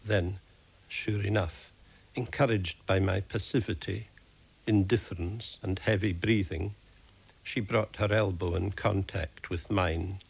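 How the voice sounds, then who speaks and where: Slow, gravelly deadpan male storyteller. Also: deep voice. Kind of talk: reading his own comic short stories.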